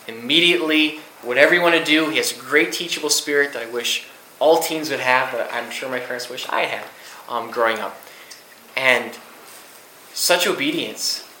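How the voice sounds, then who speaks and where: Young male youth preacher, bright voice, chatty Bible teaching, echoey hall, faint room noise. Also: medium pitch. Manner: conversational, with fillers and rhetorical questions.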